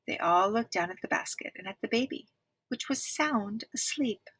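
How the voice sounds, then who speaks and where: A woman reading a children's book aloud with clear, expressive storytelling, now and then speaking to listeners. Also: medium pitch, moderate pace, no echo, low-quality recording. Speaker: reader.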